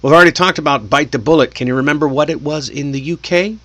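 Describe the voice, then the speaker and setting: An American man giving a casual English lesson, chatty and lively, often laughing and putting questions to the viewer. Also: fairly high pitch, fast talker. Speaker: English teacher.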